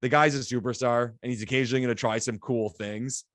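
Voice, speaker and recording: A man co-hosting a sports podcast, talking in an excitable, animated way. His voice is mid-pitched and recorded close and dry, with no room sound. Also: fast talker, dry recording. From Canada. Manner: excitable, animated storytelling with laughs. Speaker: podcast co-host. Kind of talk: casual sports podcast chat.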